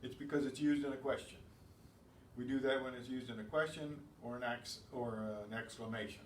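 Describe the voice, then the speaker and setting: A man's voice: medium pitch, fairly even intonation, brisk. A man teaching a beginners' language class, explaining patiently and answering his own questions. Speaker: Spanish teacher. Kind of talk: classroom lesson. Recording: echoey room, distant mic, faint noise.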